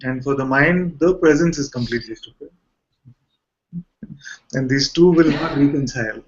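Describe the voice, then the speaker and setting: A man who is a spiritual teacher, explaining calmly in a satsang dialogue and repeating his phrases. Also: moderate pace, a little hiss or hum. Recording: dull low-fidelity sound.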